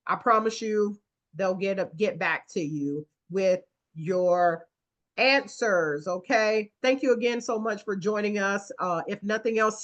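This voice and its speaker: A woman hosting an online applicant support call, talking in a lively, folksy way that urges listeners on. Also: medium pitch, unhurried. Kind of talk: casual encouraging video call. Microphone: video call.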